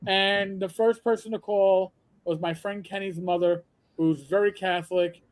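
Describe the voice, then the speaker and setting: A man hosting a live stream, casually telling animated stories. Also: sits high, moderate pace, no echo. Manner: animated storyteller, does voices. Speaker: podcast host.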